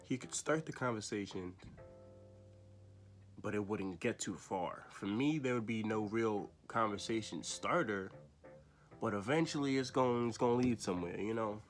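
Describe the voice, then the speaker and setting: A young man vlogging to his own camera, telling a story in slangy, laid-back talk and chuckling between remarks, his voice low and rough from being sick. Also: moderate pace, faint music behind. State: sick, voice lower than usual. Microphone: camera he set up facing himself.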